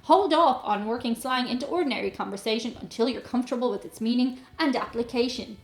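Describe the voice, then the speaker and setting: Female comic host, fairly high voice, deadpan asides, echoey room with faint music behind. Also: fast, few pauses. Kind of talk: comic reading of an accent tutorial.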